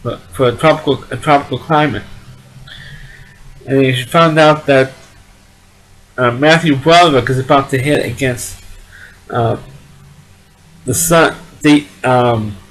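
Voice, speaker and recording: Man, middle pitch, casual movie review, rambling, stumbles and repeats words. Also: unhurried, long pauses, fairly bright tone, low-quality recording.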